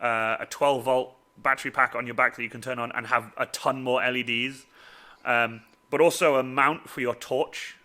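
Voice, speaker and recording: A man's voice: medium pitch, fairly even intonation, moderate pace, pushed and bright. A man hosting a casual chat, rambling with many fillers and restarts. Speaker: host.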